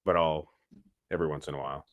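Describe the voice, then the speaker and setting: Man, very low pitch, dry close sound, drawling stories. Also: fairly even intonation, fast talker, no room sound, narrow, tinny audio. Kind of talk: casual chat.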